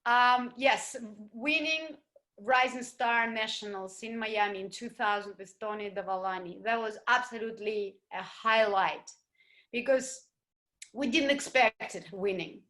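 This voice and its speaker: A woman ballroom dancer and teacher telling stories in an interview, animated and expressive and sometimes searching for words. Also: fairly high pitch, measured pace. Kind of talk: interview storytelling.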